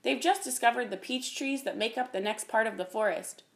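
A woman's voice: a little high, fairly quick, lightly acted. A woman voicing a male dragon who is trapped, sniffling and plaintive.

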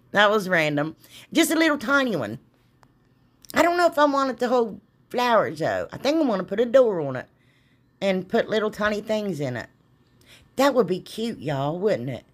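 A woman's voice: mid-range voice, sing-song, normal speed, long pauses. A middle-aged woman, hosting a craft channel and chatting in a rambling, folksy way, talking straight to her viewers. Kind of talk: casual chatty craft tutorial.

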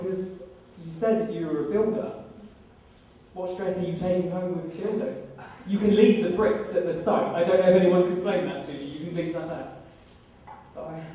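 A British man in his thirties performs a live storytelling set, wry and self-deprecating, in a fairly high, mellow voice. He sounds far from the mic, and the event room rings with a heavy echo. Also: fairly quick, a little hiss or hum. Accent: British English.

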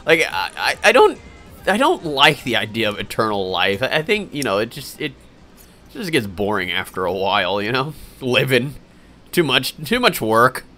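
A man's voice: medium pitch, big pitch swings, normal speed, sharp tone. A young man live-streaming games, chatting casually and answering viewer questions in a rambling, hesitant way full of fillers and restarts. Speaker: game streamer. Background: faint game music.

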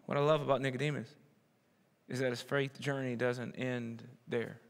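A man preaching a sermon, swinging from loud emphatic bursts to low, quiet asides. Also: flat delivery, normal speed, long reverb tail. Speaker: pastor.

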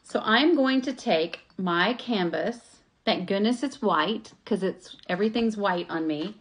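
A woman's voice: mid-range voice, expressive, unhurried. A woman, chatting to viewers while working on a craft project at her table at home. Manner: chatty, self-deprecating, talks to viewers as y'all. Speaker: craft vlogger. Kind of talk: live craft tutorial chat.

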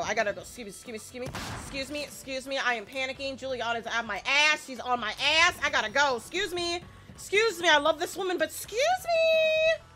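A woman giving excitable let's play commentary, repeating herself and swearing playfully as she plays. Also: high voice. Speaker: gaming streamer.

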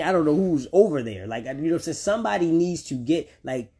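Husky-voiced man ranting to camera. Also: a little high, lively intonation, quick pace, hardly any pauses, mellow. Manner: heated, repetitive, swears often; talks directly to listeners. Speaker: father speaking to viewers. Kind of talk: unscripted personal vlog rant.

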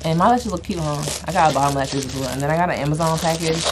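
A woman's voice: deep voice, quick pace, noisy background. A woman from Georgia talking casually to her viewers in a vlog, slangy and chatty, calling them "y'all" and "girl". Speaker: vlogger. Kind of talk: casual vlog chat to camera. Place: in a car, then walking outside. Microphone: handheld camera.

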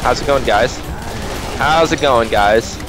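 A man's voice: mid-range voice, takes it slowly, background noise. A young man chatting casually while playing a co-op shooter, joking and rambling with frequent restarts. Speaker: gameplay commentator. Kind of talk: casual co-op gaming chat. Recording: game music playing under voice.

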